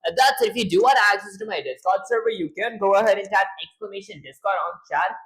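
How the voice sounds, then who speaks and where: A man's voice: sits high, quick pace, fairly bright tone. Rambling man streaming while he codes. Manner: rambling, talks to himself while working. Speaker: streamer and game developer. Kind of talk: casual livestream chat.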